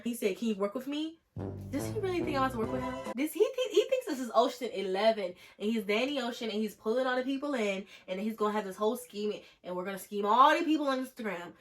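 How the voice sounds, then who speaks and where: A young woman vlogger telling a story in a chatty, sarcastic way, often mimicking the people she quotes. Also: mid-range voice. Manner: animated, sarcastic, jumps into mocking quoted voices. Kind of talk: storytime vlog.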